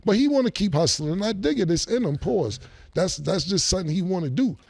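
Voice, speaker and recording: A man as a guest in a casual interview, telling animated, streetwise stories and laughing between them. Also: high-pitched, fairly quick, creaky, dry recording, studio quality.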